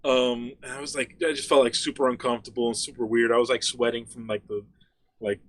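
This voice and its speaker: A fast-talking man from Miami with a medium-pitched voice tells a story as a guest on a casual chat. He is animated and profane, filling his speech with "like."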